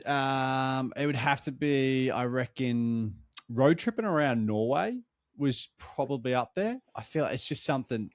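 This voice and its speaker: A man's voice: medium pitch, no echo. Australian man, young adult, casual podcast chat, swears a lot, travel-weary, dry close sound. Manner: swearing, animated storytelling. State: tired after travel. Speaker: podcast co-host.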